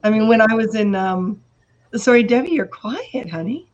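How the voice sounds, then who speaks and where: A Canadian woman with an Ontario accent hosts a casual live video chat, telling stories in a chatty way with quick asides. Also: on the high side, expressive, darkish tone, lo-fi sound, slight background noise. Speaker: host.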